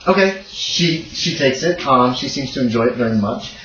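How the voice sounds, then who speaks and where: A man's voice: mid-range voice, animated, normal speed, a bit bright. A man narrating a tabletop horror game as game master, casual and rambling with many fillers. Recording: dull roomy recording.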